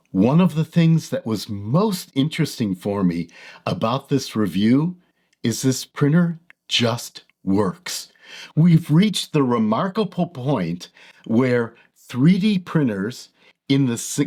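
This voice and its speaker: An older man with a gravelly, hoarse voice from illness, hosting a product review in a measured, explanatory way. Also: mid-range voice, a little mellow. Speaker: host.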